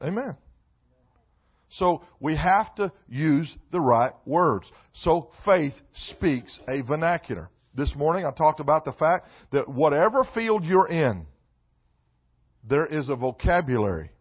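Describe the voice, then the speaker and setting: A man preaches a sermon in a church. His high voice climbs into loud emphatic bursts and drops into joking asides. The recording sounds dull and lo-fi. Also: lively intonation, a little slow, slightly rough. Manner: preaching with rising shouts and comic asides. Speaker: pastor. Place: church sanctuary.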